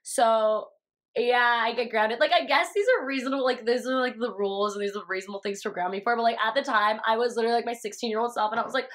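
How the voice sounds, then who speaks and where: A young woman telling a story in a casual, profane way, full of fillers and animated quotes. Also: fairly high pitch, quick pace. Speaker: vlogger.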